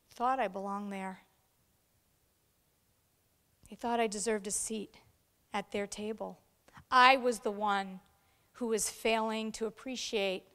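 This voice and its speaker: A woman's voice: fairly high pitch, fairly bright tone, clear, resonant tone, long reverb tail. A middle-aged woman giving a storytelling speech to an audience, acting out the voices of the people she quotes. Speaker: keynote speaker. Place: large event hall.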